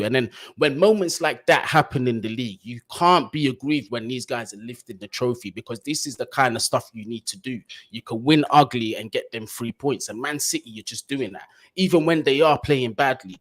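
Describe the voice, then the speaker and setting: A young man, co-hosting a casual live football chat, full of slang and climbing high in pitch when worked up. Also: normal speed. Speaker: football podcast co-host.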